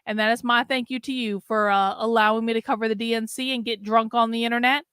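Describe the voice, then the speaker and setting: A woman's voice: fairly high pitch, steady tone, fast, fairly bright tone, smooth, no room sound, studio quality. A woman hosting a casual livestream, a little drunk, chatting breezily as she plugs her merch and thanks viewers. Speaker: host.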